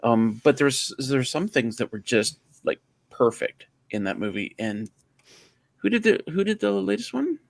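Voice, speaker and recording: A man's voice: medium pitch, very animated, unhurried, creaky, no echo. A man co-hosting a livestream, chatting casually and rambling as he searches for words. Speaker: livestream co-host. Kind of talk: casual chat.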